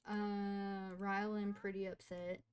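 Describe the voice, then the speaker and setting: A woman giving casual gameplay commentary, chatty and easily excited, retelling the characters' drama with lots of "she's like" asides. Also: mid-range voice, slow pace, clear, resonant tone. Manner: easily excited, gasping and laughing at surprises. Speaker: gaming streamer.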